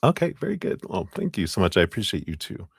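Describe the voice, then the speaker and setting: Chatty low-voiced man on a live stream. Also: very animated, fast talker, vocal fry, breathy edge, dry recording, clean studio sound. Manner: chatty and upbeat, laughing often between thanks. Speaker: tarot reader hosting a live stream. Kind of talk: casual live-stream shout-outs to viewers.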